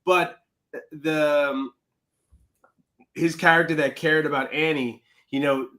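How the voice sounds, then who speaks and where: A man's voice: fairly high pitch, fairly even intonation, slow pace, pushed and bright. A man co-hosting a podcast in casual chat, teasing and playful, often restarting his sentences. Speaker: podcast co-host.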